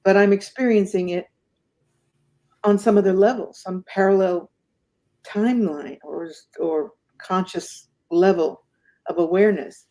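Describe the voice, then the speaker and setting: Woman, guest, storytelling, animated, plays the voices in her story. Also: mid-range voice, unhurried. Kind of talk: telling a personal story in conversation.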